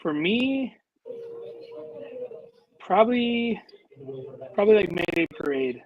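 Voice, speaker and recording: A man's voice: high voice, very animated, slow, highs cut off. Easygoing young-sounding male band guest. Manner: easygoing, hedging with lots of "like". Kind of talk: casual interview answers.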